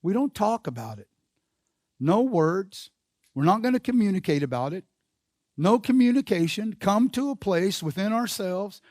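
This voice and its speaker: A man's voice: high-pitched, expressive, normal speed, darkish tone, dry recording, studio quality. A man preaching a sermon as pastor, telling a personal story and calling the congregation to repeat his phrases. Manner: call-and-response preaching, repeats phrases, builds in force. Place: church sanctuary.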